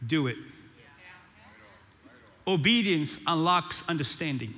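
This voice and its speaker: A man preaching a sermon in an animated way, calling out to the congregation. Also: high voice, big-room sound. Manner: animated preaching with call-and-response. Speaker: pastor.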